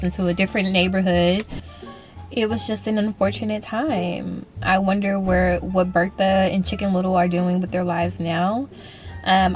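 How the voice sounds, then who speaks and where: A young woman vlogger telling a story in casual, blunt chat, swearing freely and jumping into high voices when she quotes others.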